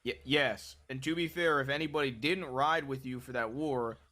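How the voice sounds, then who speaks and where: A man's voice: medium pitch, normal speed, bright, forceful tone. A man roleplaying in a western game, arguing his point and teasing his friends in casual in-character chat. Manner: argumentative, teasing.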